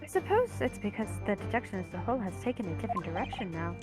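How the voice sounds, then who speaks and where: A woman's voice: mid-range voice, sing-song, rapid-fire, over loud music, lightly acted. A woman voicing a polite young female assistant in a fan dub of a game.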